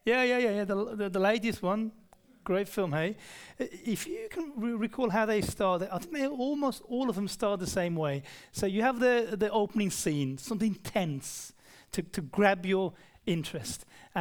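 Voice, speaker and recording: A man preaching a Bible-study sermon in a conversational style, often putting questions to the congregation. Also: high-pitched. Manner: conversational, asks the congregation questions, frequent restarts.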